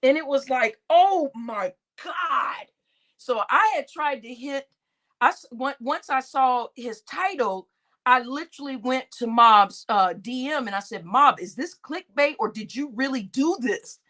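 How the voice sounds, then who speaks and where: A woman hosting a livestream, chatting casually and gossiping with viewers, often laughing and breaking into loud exclamations. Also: high voice, lively intonation, measured pace. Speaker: livestream host.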